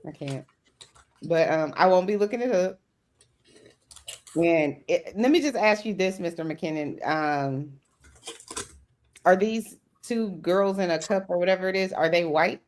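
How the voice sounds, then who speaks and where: Low voiced woman rambling on a stream, chatty, bit of faint hiss behind. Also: measured pace, long pauses, darkish tone. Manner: chatty, rambling, laughs easily. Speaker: stream host. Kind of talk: casual chat reacting to a video.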